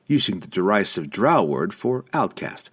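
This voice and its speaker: A male narrator reads fantasy prose in a deep, low voice. His delivery is dramatic, with pitch that rises and falls vividly across each sentence. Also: normal speed, slightly rough. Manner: dramatic, expressive reading. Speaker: audiobook narrator. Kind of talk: scripted fantasy audiobook narration.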